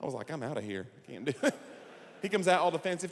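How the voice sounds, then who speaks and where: Animated stand-up man in a big hall. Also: fairly high pitch, quick pace, creaky. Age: 40s. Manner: animated, acts out quoted voices. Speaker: comedian. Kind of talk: stand-up comedy.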